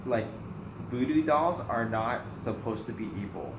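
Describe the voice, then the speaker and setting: A man co-hosting a casual Q&A vlog, easygoing and soft-spoken. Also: medium pitch, lively intonation, a little slow, roomy sound, background noise. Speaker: co-host. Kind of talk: casual Q&A chat.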